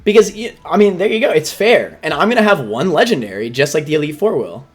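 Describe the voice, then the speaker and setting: A man's voice: on the high side, animated, quick pace, slightly rough. A man hosting his own gaming stream, chatting in an easygoing, enthusiastic way. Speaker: streamer and host. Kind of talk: casual gaming stream chat.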